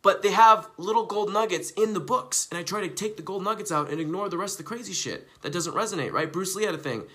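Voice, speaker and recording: A young man talking casually on a live stream, animated and profane, rambling and repeating himself, jumping from loud bursts to hushed asides. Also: sits high, fast. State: coughing from recently quitting smoking.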